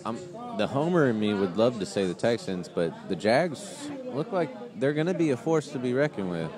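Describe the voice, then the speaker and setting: Relaxed male co-host on a live show from a bar patio, bar crowd chatter clearly behind him. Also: mid-range voice, normal speed. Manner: easygoing, stat-heavy, laughs often. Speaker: fantasy football podcast co-host. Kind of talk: casual live sports chat.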